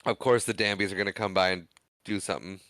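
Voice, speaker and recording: A man's voice: low-pitched, steady tone, fast, fairly bright tone, no echo. A man co-hosting a podcast, casually retelling a movie scene by scene and acting out the characters' lines. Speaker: podcast co-host. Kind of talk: casual movie recap chat.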